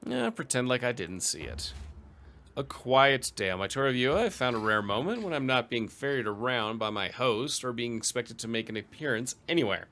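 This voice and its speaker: A man's voice: medium pitch, very animated, moderate pace, bright, forceful tone. A man commentating a strategy game, reading event text aloud with dry, wry asides. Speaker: let's play host.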